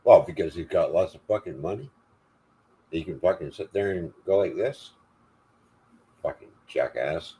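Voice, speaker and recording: A man's voice: low voice, moderate pace, pauses often, dark tone. An older man hosting a livestream, delivering an angry, profane, defiant rant. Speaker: livestream host.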